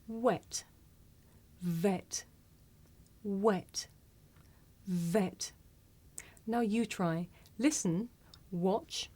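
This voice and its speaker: A woman teaching English pronunciation, saying single words slowly and carefully for learners to repeat. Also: medium pitch, dark tone. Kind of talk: slow scripted pronunciation lesson.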